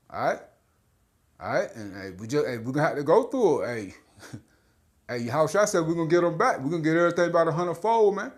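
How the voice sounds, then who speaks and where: A man preaching in a loose, street-style monologue, with a voice that sits a little high. His delivery is blunt and profane, broken by stammered filler sounds, and he keeps checking in with "all right?" and "man.".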